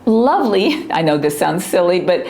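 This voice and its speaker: A woman telling a lively family anecdote in an interview, often breaking off to add details. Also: lowish voice, normal speed, reverberant. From United States. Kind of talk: interview storytelling.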